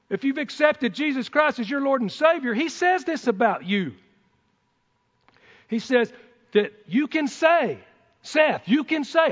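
A man preaching a sermon in a folksy, excitable way, breaking into whoops and joking asides. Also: extremely high pitch. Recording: dull sound in a reverberant hall.

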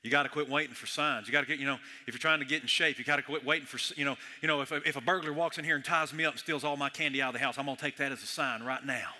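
A man preaching a sermon in a church, conversational and joking, swinging between hushed and loud. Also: mid-range voice, fairly even intonation, very fast, few pauses. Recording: echoey hall reverb.

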